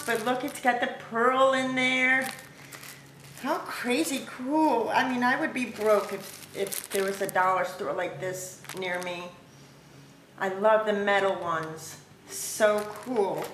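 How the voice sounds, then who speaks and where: A woman vlogger opening a craft package at home, gushing with thanks in a casual, excited chat. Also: on the high side. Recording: echoey room with background noise.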